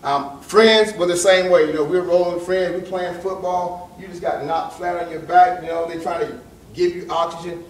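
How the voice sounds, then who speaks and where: A man's voice: high voice, steady tone, moderate pace, a little hiss or hum. A man in his forties giving a conversational motivational lecture to young men and asking the audience direct questions. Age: 40s. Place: lecture hall. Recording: echoey hall recorded from far off.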